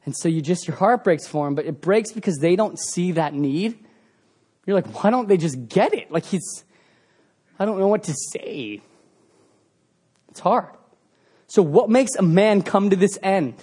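A man with a high voice preaches a sermon, acting out the story with sound effects of his own. He swings between loud, excited bursts and hushed, quiet passages. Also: measured pace, pauses often, slightly rough.

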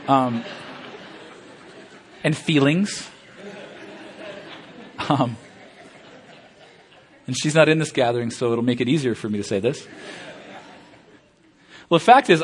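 A man's voice: a little high, husky. A middle-aged man, a pastor, giving an earnest, conversational sermon with self-deprecating asides and frequent fillers.

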